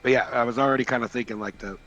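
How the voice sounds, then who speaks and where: A man's voice: medium pitch, steady tone, racing, fairly bright tone, muffled recording. A man playing in a tabletop game, chatting casually and laughing often in an upbeat way. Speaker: player. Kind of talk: casual tabletop play and chat.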